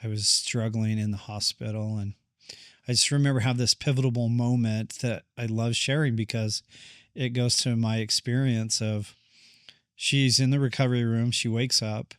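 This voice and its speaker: A man's voice: mid-range voice, fairly even intonation, moderate pace, a bit bright, clear, resonant tone, no room sound. Guy on a podcast telling his story, candid and reflective, dry close sound. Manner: reflective, candid, relives moments in quoted speech. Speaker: therapist guest. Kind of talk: personal storytelling interview.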